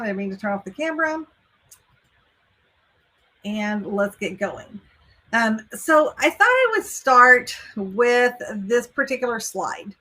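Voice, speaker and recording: A woman's voice: mid-range voice, pushed and bright. A woman with a Texas accent, hosting a live online workshop on college admissions, chatty and upbeat as she greets viewers by name and walks through the plan. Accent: Texan. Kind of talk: live webinar talk.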